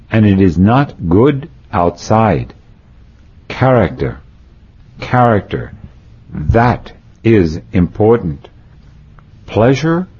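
A man reading as a slow soothing guru. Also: fairly low pitch, dark tone, slightly rough, exaggerated voice. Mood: stern. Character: serene, soothing male guru, calm and gentle. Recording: dull lo-fi recording.

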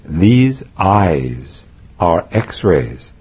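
A man reading aloud, voicing a serene, gentle male guru who speaks slowly and soothingly. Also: low voice, big pitch swings, breathy edge, voice pushed down, exaggerated voice. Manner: slow, soothing, measured. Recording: dull lo-fi recording.

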